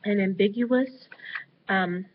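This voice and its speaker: A woman teacher talking through a vocabulary lesson, slow and deliberate with many ums and uhs. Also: mid-range voice. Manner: slow, deliberate, with frequent fillers. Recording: dull lo-fi recording with faint noise.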